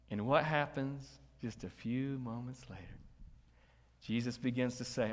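A man's voice: medium pitch, a little slow. A man preaching a sermon as pastor, talking conversationally and asking the congregation questions. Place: church hall. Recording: long church hall reverb.

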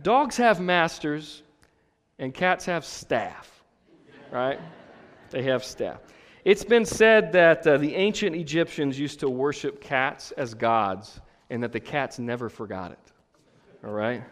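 A male pastor with a slightly high voice delivers a chatty, humorous sermon. He keeps asking the audience "right?". His voice rings out in a big church hall with a long reverb tail. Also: lively intonation, slow pace, a bit bright. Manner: conversational and joking, frequent checks with the audience. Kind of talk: sermon with personal stories.

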